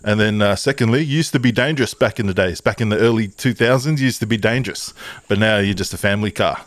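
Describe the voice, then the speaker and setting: A man from Tonga co-hosting a podcast, laid-back and quick to laugh in casual banter. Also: fairly low pitch, no room sound. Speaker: podcast co-host.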